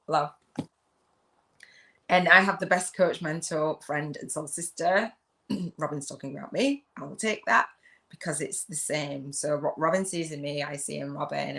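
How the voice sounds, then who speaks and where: A middle-aged English woman from the UK, hosting a live video chat as a spiritual business coach, loud and effusive with frequent laughs. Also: sits low.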